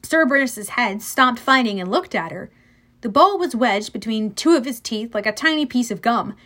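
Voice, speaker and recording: A woman narrating a children's fantasy audiobook in the first person, lively and storytelling. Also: fairly high pitch, normal speed.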